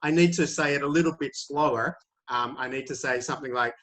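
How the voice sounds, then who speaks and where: A man explains pronunciation to learners over a video call. He talks in a relaxed, loose way, thinking aloud, full of small fillers and restarts. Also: mid-range voice, quick pace. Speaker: IELTS teacher.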